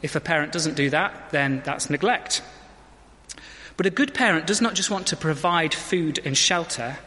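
Guy giving a sermon, chatty, slightly high voice, echoey church. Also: lively intonation, normal speed, bright, forceful tone. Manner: conversational, asks the congregation questions. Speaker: preacher.

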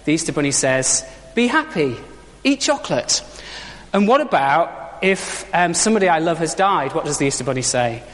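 A man's voice: a little high, expressive, fairly quick, few pauses. A man preaching an Easter sermon in a chatty, informal way, full of rhetorical questions. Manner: informal, conversational, uses props and rhetorical questions. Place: church. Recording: long church reverb.

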